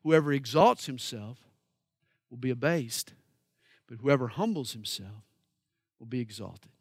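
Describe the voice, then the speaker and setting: A man from the American South preaching a sermon, emphatic and folksy, moving between loud declaiming and quiet asides. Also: mid-range voice, expressive, a little slow, husky, no room sound, studio quality. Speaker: pastor.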